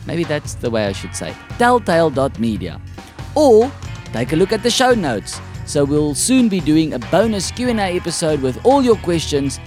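A man's voice: on the high side, fairly quick, soft background music. A man hosting a podcast in a casual, jokey, rambling way. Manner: animated, jokey, rambling with restarts. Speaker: podcast host.

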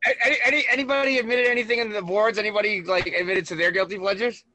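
A man with a high, bright voice, bantering as a podcast co-host. He keeps it joking and easygoing. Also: steady tone, very fast, no room sound, low-quality recording. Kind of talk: casual chat.

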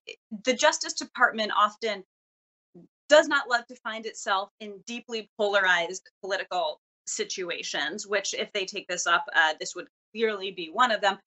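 Bright-voiced woman news reporter. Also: medium pitch. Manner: articulate, brisk, self-correcting. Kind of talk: news interview answers.

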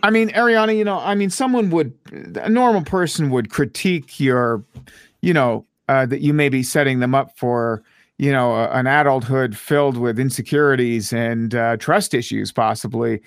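A man's voice: mid-range voice, moderate pace, smooth, dry recording, clean studio sound. Rambling man podcast host. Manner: rambling, filler-heavy. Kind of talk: casual podcast chat.

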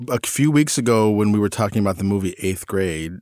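A middle-aged man with a low voice tells a story on his podcast in a loose, self-mocking way, often laughing at himself. The sound is dry and close. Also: lively intonation, fairly quick, darkish tone, dry recording. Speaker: podcast co-host. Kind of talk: casual storytelling chat.

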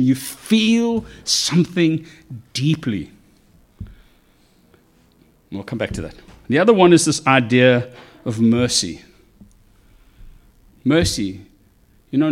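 A man preaching a conversational sermon, animated, with acted asides. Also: medium pitch. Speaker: pastor.

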